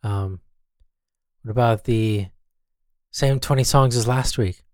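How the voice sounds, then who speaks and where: A man's voice: medium pitch, slow, a little mellow, no echo, studio quality. A man with an Australian accent hosting a radio show, rambling, mocking himself and stumbling over names. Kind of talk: casual radio banter.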